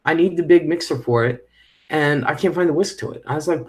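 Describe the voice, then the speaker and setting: Speaking fairly quickly in a slightly high voice, a middle-aged man hosts a casual live stream. He reads viewer comments, chats in a rambling fashion, and curses when something bothers him.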